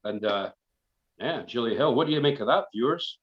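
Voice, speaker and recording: Animated and fairly quick, the folk band member's mid-range voice carries a meandering, self-deprecating tale over the stream. He keeps laughing at his own story, and the indoor acoustics leave the sound roomy and slightly muffled.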